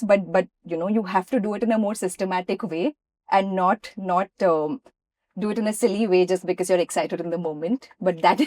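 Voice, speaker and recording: A woman from India, an actress being interviewed, who tells lively anecdotes and acts out what people said. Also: lowish voice, dry recording, studio quality. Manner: lively anecdotes, often acting out quoted dialogue. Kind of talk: interview storytelling.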